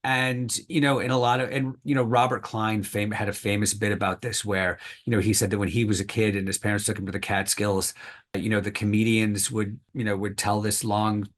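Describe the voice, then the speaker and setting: A man's voice: fairly low pitch, level tone, a little fast. Thoughtful man explaining at length. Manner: thoughtful, hedging, many fillers. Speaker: historian guest. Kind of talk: podcast interview.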